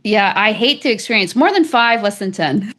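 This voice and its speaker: A woman's voice: mid-range voice, lively intonation, moderate pace, fairly bright tone. A woman author, a guest on an interview show, telling a personal story in a chatty, loose way full of fillers. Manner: chatty, with frequent "like" and laughs. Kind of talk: conversational storytelling.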